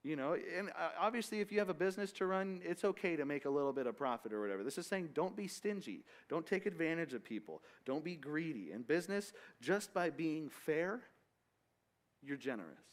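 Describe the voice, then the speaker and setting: A man's voice: a little high, animated, brisk. A man leading a Bible study, teaching in a loose, conversational way with asides and restarts. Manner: casual, rambling with restarts and asides.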